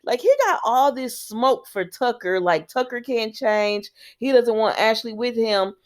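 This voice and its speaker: A woman's voice: a little high, unhurried. A woman in a casual, chatty recap who talks straight to her viewers. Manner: chatty, conversational, acts out characters' lines while retelling. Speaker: soap opera recap host.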